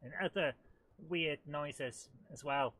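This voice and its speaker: A woman with a head cold, hosting a live let's-play and chatting excitably to the game, often laughing. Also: deep voice, slow pace. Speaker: host of a retro gaming channel.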